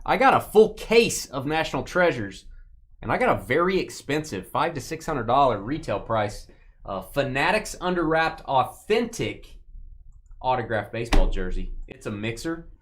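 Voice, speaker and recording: A man's voice: normal speed, slight background noise. A man hosting a live sports card break, joking and rambling as he calls out names and teams. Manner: joking, rambling, lively pitch swings. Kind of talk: live stream banter.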